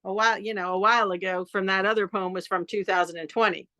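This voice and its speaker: A woman's voice: mid-range voice, fairly even intonation, pushed and bright, slight background noise. Woman reading poems on a video call. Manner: earnest, measured reading of list poems and haiku. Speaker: open mic poet. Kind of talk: poetry reading and casual chat. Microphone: phone on a video call.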